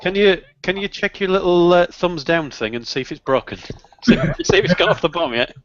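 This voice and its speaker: A man's voice: high-pitched, lively intonation, a little fast. A man on a live video-call panel, joking in a cheeky, self-mocking way. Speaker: panel member. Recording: dull lo-fi video call audio.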